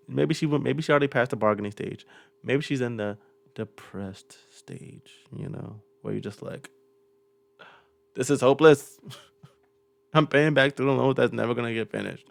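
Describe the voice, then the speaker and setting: Gravelly low-voiced man joking through a reaction video. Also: no echo. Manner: chuckles often, loose and joking. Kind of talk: casual reaction commentary.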